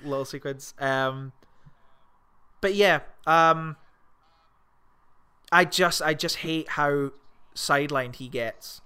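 A man co-hosting a casual film chat, tumbling through his thoughts with restarts and frequent swearing. His voice is bright and smooth, sitting a touch higher than most men's. He gets animated and excitable as he talks. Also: slow, pauses often. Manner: rambling, swears often, excitable. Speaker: podcast co-host.

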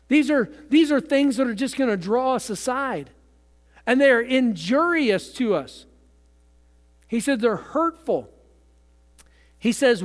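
A man preaching from the pulpit in a high voice, stumbling over his words and repeating them as he goes. His sermon rings out with the long reverb of a church hall. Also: animated, measured pace. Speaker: pastor.

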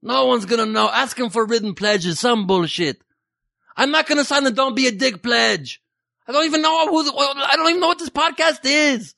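A man's voice: extremely high pitch, moderate pace, gravelly, pushed and bright, no echo, studio quality, pitched above the performer's own voice, exaggerated voice. A man voicing a cocky, callous caricature of a male dictator in a mock Jamaican accent, swaggering and profane. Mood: gleeful swagger.

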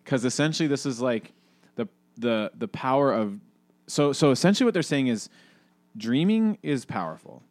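A man co-hosting a casual talk show, rambling and animated, full of fillers and restarts. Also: mid-range voice, moderate pace, no room sound. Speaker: podcast co-host. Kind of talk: casual conversation, reading aloud from a book.

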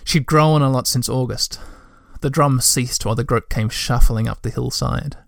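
A man reading a storybook aloud with gentle, measured narration. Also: mid-range voice, gravelly, no echo, clean studio sound.

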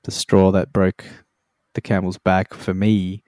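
A man's voice: low-pitched, monotone, a little slow, warm tone, dry recording, clean studio sound. A man in a laid-back, opinionated casual chat, with fillers like "like" and "man".

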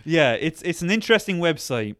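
A man's voice: a little high, big pitch swings, fairly quick, a bit bright. A young Irish man co-hosting a crude comedy podcast, gossiping in a rambling way with lots of restarts. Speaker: podcast co-host.

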